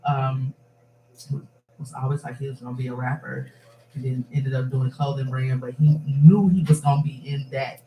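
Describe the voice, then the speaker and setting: A man's voice: mid-range voice, flat delivery, moderate pace, dull audio. A man hosting a casual talk show, rambling and emphatic in an upbeat way. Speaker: host. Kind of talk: casual chat. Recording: echoey room with faint noise.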